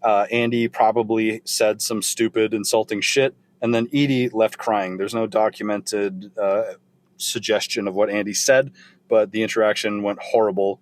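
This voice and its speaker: A man's voice: on the low side, little pitch movement, normal speed. A man hosting a podcast, telling a story casually from his notes, swearing freely. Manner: profane, loose, recounting from notes. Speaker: podcast host.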